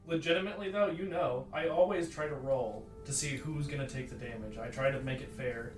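A man's voice: mid-range voice, fairly quick, over music. A man narrating a tabletop role-playing game as game master, rambling loosely and laughing often. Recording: roomy, distant mic, faint noise.

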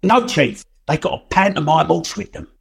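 A man's voice: a little high, animated, moderate pace, gravelly, slightly rough, full character voice. A man playing a detective sergeant on a stakeout in an audio comedy, jokey and chuckling.

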